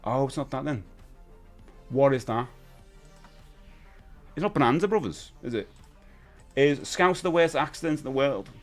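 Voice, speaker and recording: A British man in his forties hosting a casual live stream, animated, jumping between excited high bursts and low mutters. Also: moderate pace, pauses often, soft background music. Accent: British English. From United Kingdom. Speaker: livestream host.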